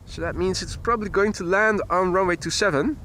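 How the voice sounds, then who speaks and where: A man's voice: high voice, a little fast, sharp tone, slight background noise. A man hosting a live plane-spotting stream, giving jokey, chatty commentary and often laughing. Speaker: plane-spotting livestream host. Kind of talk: live commentary and reading chat aloud. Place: outdoors at an airport spotting spot.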